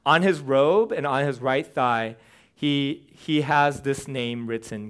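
Smooth-voiced young man preaching casually. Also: mid-range voice, takes it slowly. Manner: conversational, animated, with fillers and humor. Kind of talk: casual sermon.

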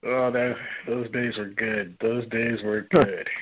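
A man's voice: mid-range voice, lively intonation, slow, no echo, highs cut off. A man hosting a casual podcast interview, affirming his guest and asking questions. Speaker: podcast host.

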